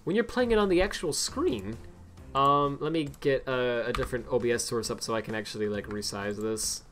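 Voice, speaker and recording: A young man chats casually with viewers on a game stream, rambling with lots of fillers, restarts and quick laughs. His voice is medium-pitched with a fairly bright tone, and faint music plays behind him.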